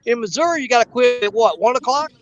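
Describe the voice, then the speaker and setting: A man's voice: very high-pitched, animated, quick pace, muffled recording. A man chatting casually on a fishing live stream, telling stories animatedly and imitating gunshots. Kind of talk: casual chat. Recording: faint outdoor background noise.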